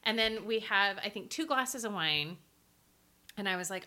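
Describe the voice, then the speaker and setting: A woman co-hosting a casual podcast chat, telling an animated story and laughing often. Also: mid-range voice, moderate pace. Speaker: podcast co-host.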